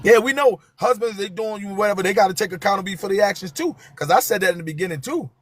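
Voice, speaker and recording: A man's voice: high voice, racing, a bit bright. A man, hosting a live stream and talking to viewers with passion, repeating his key phrases for emphasis.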